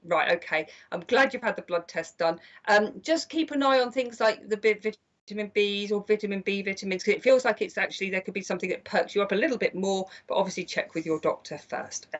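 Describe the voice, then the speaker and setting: An older woman giving chatty, gentle psychic card readings on a live stream. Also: medium pitch, brisk. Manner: chatty and gentle, calls people "my lovely". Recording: slightly dull lo-fi stream audio.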